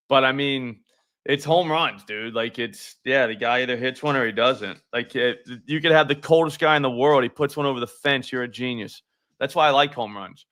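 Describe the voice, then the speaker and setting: A man's voice: mid-range voice, pushed and bright. A man hosting a live sports betting stream, chatting loosely and profanely with viewers. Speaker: sports betting show host. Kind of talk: casual live-stream chat.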